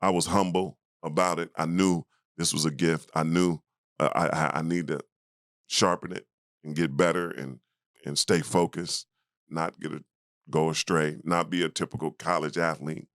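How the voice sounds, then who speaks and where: A man in his fifties with an extremely deep voice tells a story from his past in a relaxed interview. He acts out the other people in it with bursts of higher, livelier voices. The sound is dry and close. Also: normal speed, dry recording. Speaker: guest, former basketball player.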